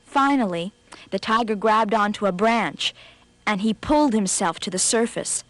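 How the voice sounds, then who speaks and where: A woman narrating a children's storybook in a scripted, expressive read, slowing for effect. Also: medium pitch, no echo.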